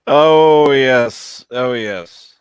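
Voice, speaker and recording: A man in a casual online chat, halting and wry in his remarks. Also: medium pitch, smooth, dry recording.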